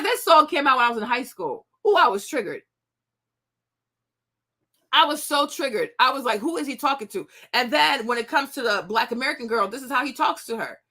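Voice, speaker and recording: A woman in her thirties hosting a commentary show, talking casually to viewers, animated and repetitive, often laughing. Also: on the high side.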